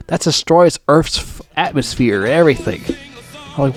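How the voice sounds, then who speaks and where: A man giving a casual, rambling movie review, swearing constantly and breaking into exasperated, high-pitched outbursts. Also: expressive, a little fast, soft background music. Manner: profane, rambling, digressive.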